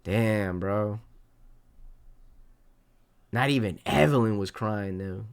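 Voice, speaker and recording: A man live-streaming, reading chat comments aloud and reacting in a loose, animated way with plenty of swearing. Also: lowish voice, slow, clear, resonant tone.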